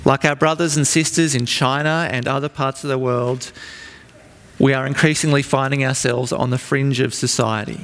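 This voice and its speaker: A man preaching a sermon in an earnest storytelling manner with dramatic pauses. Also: medium pitch, fairly even intonation, fairly bright tone. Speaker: pastor. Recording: long reverb from a large hall.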